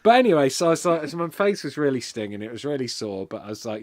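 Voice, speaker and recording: A man and podcast co-host telling an absurd, exaggerated comic story in an animated, deadpan way. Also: mid-range voice, fast, hardly any pauses. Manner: animated, deadpan tall-tale telling with sudden jumps in volume.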